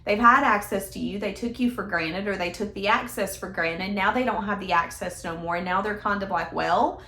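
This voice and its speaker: A woman's voice: mid-range voice, fairly quick, sharp tone. A woman giving a casual tarot reading in a chatty, emphatic, conversational way. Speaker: tarot reader. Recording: echoey room.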